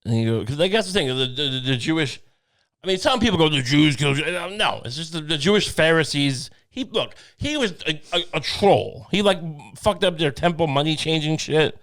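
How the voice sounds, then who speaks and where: A man's voice: fairly high pitch, lively intonation, a little fast, fairly bright tone. A man co-hosting a comedy podcast, rambling and profane, often dropping into mocking impressions. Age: adult, went through Catholic school. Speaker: podcast co-host. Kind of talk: irreverent comedic banter.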